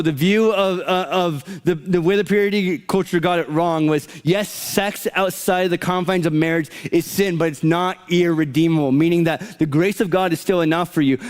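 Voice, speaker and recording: Man, pastor, casual sermon, slightly high voice, smooth and clear, rambling with fillers. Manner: rambling, conversational, many fillers. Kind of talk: casual sermon to young adults.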